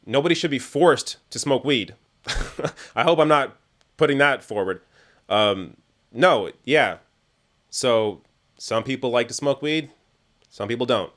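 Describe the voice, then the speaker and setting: A man's voice: mid-range voice, expressive, a little slow, pauses often, fairly bright tone. A young man from Canada hosting a casual livestream, answering viewer questions in a chatty way, often laughing and trailing off into fillers. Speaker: livestream host answering chat. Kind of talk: casual live Q&A chat.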